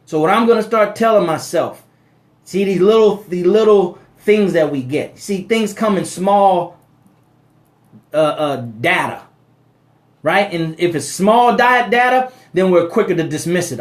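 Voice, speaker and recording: Guy preaching money tips on a live stream, kinda high voice, says things twice, stumbles over words. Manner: preachy, repeats key phrases, addresses listeners as brothers and sisters; stammers and restarts often. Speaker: host of a live money talk. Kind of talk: motivational live-stream talk.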